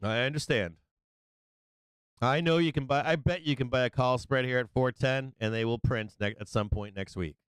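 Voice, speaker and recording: A man hosting a live stock market stream, giving brash, excitable trader banter as prices move. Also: medium pitch, normal speed, clear, resonant tone, dry recording. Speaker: stock market livestream host.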